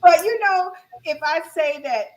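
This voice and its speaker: A woman's voice: very high voice, unhurried, poor audio. An emphatic, self-assured woman talks as co-host in casual chat. She laughs often and speaks with firm conviction.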